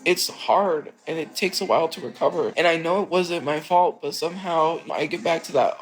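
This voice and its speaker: A woman's voice: fairly low pitch, moderate pace, low-quality recording. A woman streamer talking in a rambling, emotional, confessional way. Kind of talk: casual rambling stream talk.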